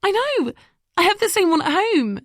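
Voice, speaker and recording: A woman voicing an eager, bubbly young woman who gushes with high excitement. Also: normal speed, gravelly, dry recording, clean studio sound. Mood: excited.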